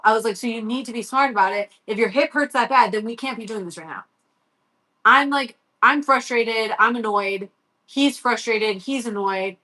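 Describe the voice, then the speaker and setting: A woman's voice: medium pitch, brisk, sharp tone. A middle-aged woman telling a long, rambling story on a live stream as a sports parent, swearing freely and quoting her son.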